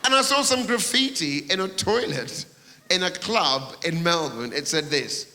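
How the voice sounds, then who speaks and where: A man doing a stand-up comedy set on a theatre stage, teasing the audience and bursting into shouted high voices. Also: lively intonation, a little slow. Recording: reverberant hall with loud audience noise.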